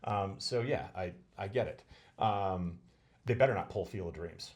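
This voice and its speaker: A man's voice: deep voice, moderate pace, darkish tone. A man co-hosting a legal podcast as a criminal defense lawyer, bantering wryly and playfully. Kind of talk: casual podcast chat.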